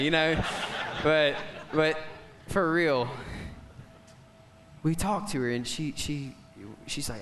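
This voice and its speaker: A young man preaching a sermon, telling a story with passion and swinging from loud declarations to hushed moments. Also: fairly high pitch, slow pace, slight background noise.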